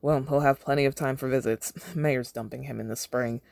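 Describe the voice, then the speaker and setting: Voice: medium pitch, steady tone, normal speed, vocal fry, a little mellow, dry recording, close to an everyday voice. A fan reader voicing a weary male police officer in a plain reading voice.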